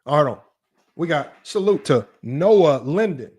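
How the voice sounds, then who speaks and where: A man hosting a sports debate livestream, talking brashly and teasing his chat in quick casual commentary. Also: a little high, animated, darkish tone, breathy edge. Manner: brash, rapid, teasing, talks straight to chat. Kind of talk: casual live-stream commentary.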